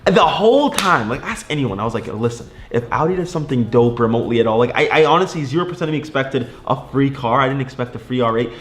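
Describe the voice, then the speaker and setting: Young male vlogger, quick rambling rant, roomy echo. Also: mid-range voice, lively intonation, fairly bright tone. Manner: rambling, lots of likes and you knows; frustrated then upbeat. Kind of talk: casual vlog rant to viewers. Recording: echoey room.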